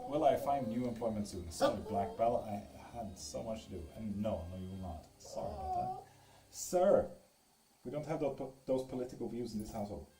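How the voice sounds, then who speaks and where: A man's voice: lowish voice, huge pitch swings, fairly quick, dark tone. A man from Sweden reading tarot on a live stream at home, chatting casually with viewers in a teasing way and swearing freely. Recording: roomy echo with music behind.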